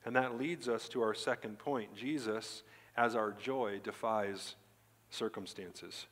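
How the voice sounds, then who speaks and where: A male pastor giving a Sunday sermon, preaching emphatically and breaking into animated, excited stretches. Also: fairly low pitch, slow pace. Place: church sanctuary. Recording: church hall reverb.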